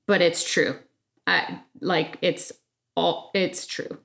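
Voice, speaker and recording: A woman co-hosting a casual podcast chat, talking earnestly and with emphasis, often pausing on fillers. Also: low-pitched, expressive, creaky, a bit bright. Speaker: podcast co-host.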